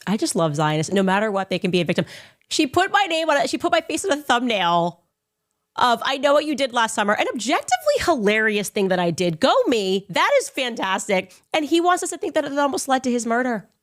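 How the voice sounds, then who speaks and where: A woman's voice: very animated, brisk. Sarcastic, combative woman host. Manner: sarcastic, mocking impressions in a high voice; combative, emphatic. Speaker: commentary show host. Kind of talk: opinionated commentary monologue.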